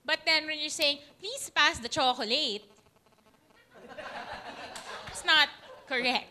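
A woman teaching English pronunciation to a class, modeling words slowly and checking in with the room. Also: high voice, bright, forceful tone. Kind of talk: classroom lesson.

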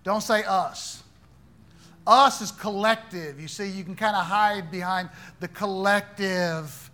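High, bright-voiced male Bible teacher. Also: takes it slowly. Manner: playful, teasing questioner. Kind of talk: interactive Bible class.

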